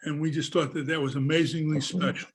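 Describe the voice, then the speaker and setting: Older man, slightly high voice, plain storytelling on a call. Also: steady tone, a little fast, a little hiss or hum. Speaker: participant. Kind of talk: telling a short anecdote.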